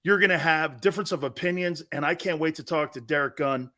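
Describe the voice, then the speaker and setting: A man's voice: fairly high pitch, quick pace, sharp tone. A man hosting a live sports talk show, boisterous and teasing, reading chat messages and laughing a lot. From Italian-American background.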